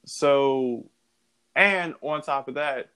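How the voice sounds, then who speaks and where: A man's voice: mid-range voice, very slow, pushed and bright, clear, resonant tone. Man, casual podcast talk, slangy, easygoing, laughs a lot. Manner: laid-back, slangy, laughs often. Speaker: podcast co-host. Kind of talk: casual chat.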